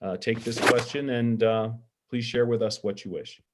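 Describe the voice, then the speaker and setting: A middle-aged man moderating a candidate forum over a video call, earnest and heartfelt, pausing often with ums. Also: mid-range voice, steady tone, noisy background.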